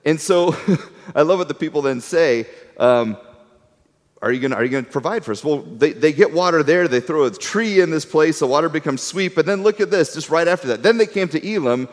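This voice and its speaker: A middle-aged man giving a conversational sermon, an animated storyteller who often repeats his words. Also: a little high, moderate pace. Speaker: Bible teacher. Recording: long reverb of a hall.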